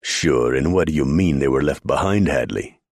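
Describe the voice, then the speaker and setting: A man's voice: a bass voice, animated, normal speed, creaky, darkish tone, slightly rough, dry recording, clean studio sound, exaggerated voice. Man doing a roaring sergeant major. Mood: bellowing. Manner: roaring and blustering. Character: boisterous Irish army sergeant major, bullying.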